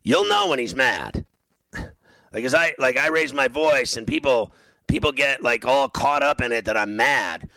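A man's voice: medium pitch, moderate pace, sharp tone, no echo. A man hosting a sports radio show, telling a rambling story in casual banter and laughing often. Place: radio studio.

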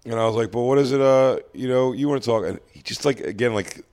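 A man's voice: medium pitch, fast. A man in his thirties co-hosting a chat show, telling stories and acting out the other voices. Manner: animated, acts out quoted exchanges, laughs often. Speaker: podcast co-host, comedian. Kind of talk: casual chat, storytelling.

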